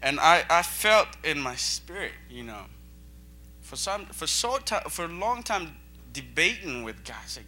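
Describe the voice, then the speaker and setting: Man, missionary guest, earnest preacherly testimony, vivid bright tone over faint music. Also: on the high side, very animated, unhurried. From Botswana. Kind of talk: church testimony.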